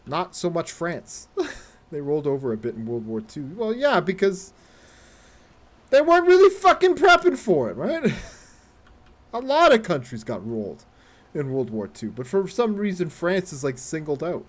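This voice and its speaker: A man's voice: a little high, big pitch swings, normal speed. A man chatting casually while live-streaming a game, rambling, swearing freely and laughing often as he talks to his viewers.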